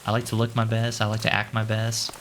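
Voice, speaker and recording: A man casually commenting on his own gameplay, chatty and playful, thinking out loud and jumping up in pitch when excited. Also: quick pace, slight background noise. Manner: chatty and playful, calls himself "your boy". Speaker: gaming channel host.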